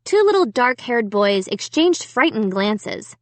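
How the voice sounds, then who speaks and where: Expressive woman reading a storybook. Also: on the high side, a little slow, no room sound. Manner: expressive first-person narration. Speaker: audiobook reader. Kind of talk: scripted storybook narration.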